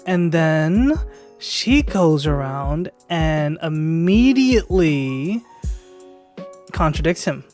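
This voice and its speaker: A woman's voice: low-pitched, animated, very slow, darkish tone, faint music behind. A woman streamer giving casual, profane commentary, ranting and often tagging her points with "right?".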